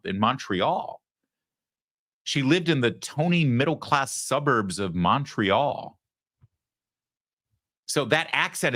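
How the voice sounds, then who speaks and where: A man's voice: on the high side, a bit bright, dry recording, clean studio sound. A male talk show host from Michigan, giving sarcastic, mocking political commentary over clips.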